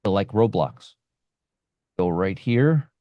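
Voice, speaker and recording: A man's voice: lowish voice, expressive, slow, no echo, dull audio. A man hosting a live stream on options trading, brash and sarcastic, answering viewers from the chat by name.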